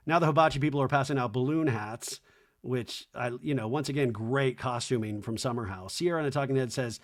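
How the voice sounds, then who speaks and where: At a moderate pace, a male comedy podcaster with a mid-range voice runs through a reality show recap. His delivery is campy and sarcastic, and he performs the cast's lines in quotes.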